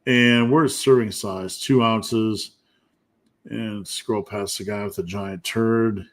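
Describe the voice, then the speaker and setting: Taking it slowly, a man who coaches lifting answers questions from his live-stream audience in a fairly low, steady voice. He's loose and joking, thinking out loud as he hosts.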